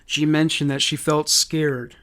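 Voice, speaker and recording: Brief: male true crime narrator, measured and somber, slightly high voice. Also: flat delivery, fairly bright tone.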